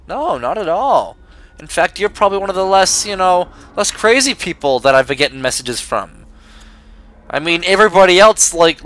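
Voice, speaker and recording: A young man riffs sarcastically while playing a game for his channel. His voice is somewhat high and very bright. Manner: sarcastic, joking commentary. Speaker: gaming YouTuber. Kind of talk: let's play commentary.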